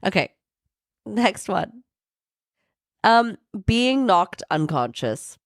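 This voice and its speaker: A woman's voice: medium pitch, sing-song, very slow, dry recording, clean studio sound. A young woman co-hosting a podcast in casual, emphatic chat, full of "like". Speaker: podcast co-host.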